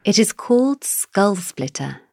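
A woman's voice: mid-range voice, big pitch swings, measured pace, gravelly, a little mellow, no echo, studio quality, pitched above the performer's own voice, exaggerated voice. A woman voicing a boastful, brutish male giant who bellows threats at his listeners.

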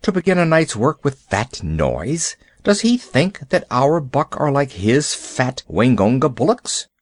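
A man's voice: mid-range voice, very animated, unhurried, dry recording. A man voicing a proud, stern male wolf who speaks stiffly and curtly in a storybook reading. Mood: scornful. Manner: stiff, curt, indignant.

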